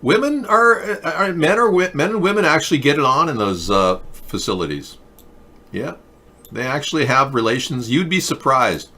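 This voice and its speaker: A middle-aged man hosting a talk show, delivering a rambling, mock-earnest monologue with a deadpan touch. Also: on the high side, moderate pace.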